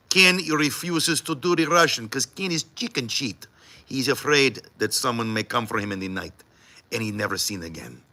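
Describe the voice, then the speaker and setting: A man's voice: mid-range voice, animated, moderate pace, pushed and bright. A man co-anchoring a morning TV news show, joking and teasing his co-host in casual banter behind the scenes. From United States.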